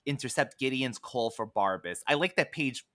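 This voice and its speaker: Bright-voiced man recapping an episode. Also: medium pitch, normal speed, no room sound, studio quality. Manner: animated, slips into mock voices and laughs. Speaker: podcast co-host. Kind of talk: casual chat recapping a TV episode.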